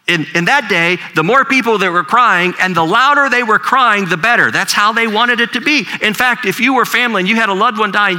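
A man's voice: high-pitched, pushed and bright. An older man, a grandfather, preaching a sermon in a conversational storytelling way, often repeating words as he talks. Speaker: pastor.

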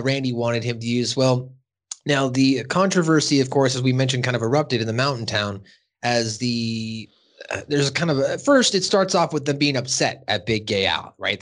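A man's voice: mid-range voice, fairly bright tone. A male podcast host recapping a cartoon episode in loose, casual chat. He rambles, restarts, and drops fillers and the occasional curse word.

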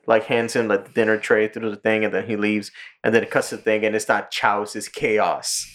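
Animated man retelling a cartoon episode. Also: fast talker. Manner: animated, swearing, quoting characters with raised pitch, laughing often. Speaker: podcast co-host.

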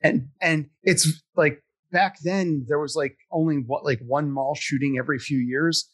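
A middle-aged man spins a long, meandering story in casual conversation. He fills the gaps with ums and likes and pokes fun at himself. His voice sits a little high for a man. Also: moderate pace. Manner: rambling, animated, self-deprecating, with many fillers. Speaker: podcast guest telling stories.

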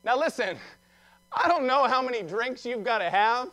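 A man's voice: extremely high pitch, expressive, moderate pace, fairly bright tone. A male pastor preaching an Easter sermon who tells the story in a conversational way, with humor and questions to the congregation.

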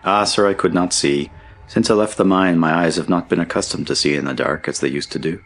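A man's voice: low voice, brisk, fairly bright tone. A man reading an audiobook, voicing a cheerful young male Scottish miner turned farmhand in a hearty, merry way. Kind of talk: audiobook character voice.

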